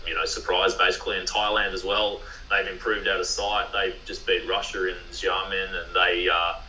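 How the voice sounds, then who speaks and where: A man's voice: low voice, flat delivery, moderate pace, bright, forceful tone, slight background noise. A man with an Australian accent, a volleyball player chatting in an interview, rambling with many fillers and restarts. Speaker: professional beach volleyball player. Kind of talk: podcast interview. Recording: roomy, distant mic.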